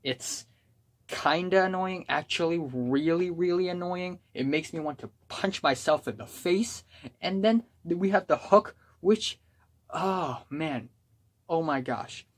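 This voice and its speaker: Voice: mid-range voice, measured pace. A young adult album reviewer giving a casual spoken review, talking in a blunt, exasperated rant.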